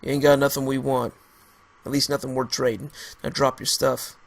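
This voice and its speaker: A man puts on a hostile rifleman leader, snarling and stern, barking orders in a louder, commanding voice. The tone has a gravelly edge. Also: medium pitch, level tone, normal speed, natural voice.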